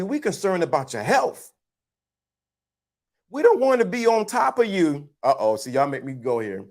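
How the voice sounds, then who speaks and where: High-voiced man ranting bluntly on a livestream. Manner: blunt, preachy, slangy and teasing. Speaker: livestream host. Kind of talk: casual opinion rant to a live chat.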